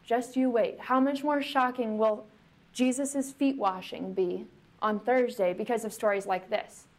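A woman's voice: a little high, steady tone, a little slow. Conversational woman pastor preaching. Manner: conversational, asks the congregation questions. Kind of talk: sermon.

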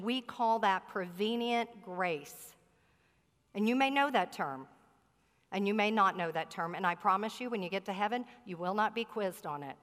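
A woman's voice: mid-range voice, a bit bright. A woman pastor preaching a sermon in a church, earnest and emphatic, stretching out key words. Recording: long reverb of a hall.

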